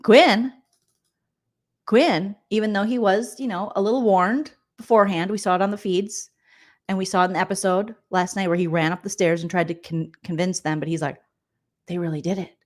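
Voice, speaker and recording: A woman's voice: medium pitch, fairly even intonation, quick pace. Sassy woman hosting a TV recap. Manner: sassy, joking, acts out quoted people. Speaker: comedian vlogger hosting a reality TV recap. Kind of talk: casual live-stream chat.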